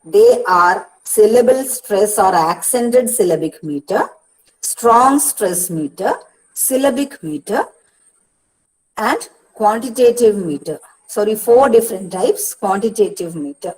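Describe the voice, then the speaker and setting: A woman's voice: medium pitch, expressive, unhurried, darkish tone, breathy edge, poor audio. A woman with an Indian English accent, a university counsellor, giving an online lecture and explaining step by step with frequent "see" and "uh".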